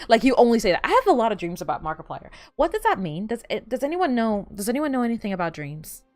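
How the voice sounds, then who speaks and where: Her mid-range voice comes through a dry recording as she plays a game. This woman streamer chats casually, wandering through stories stuffed with filler words.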